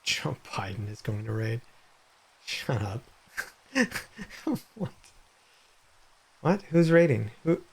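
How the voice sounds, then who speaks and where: A man live-streaming a game, rambling and hesitant, then bursting into excited high-pitched reactions. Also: takes it slowly, creaky, pauses often, slight background noise. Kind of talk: live gameplay stream chat.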